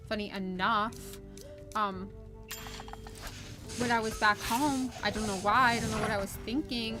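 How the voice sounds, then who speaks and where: An American woman chatting casually while she streams a game, rambling, restarting her sentences and laughing often. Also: medium pitch. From United States. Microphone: desk USB condenser mic.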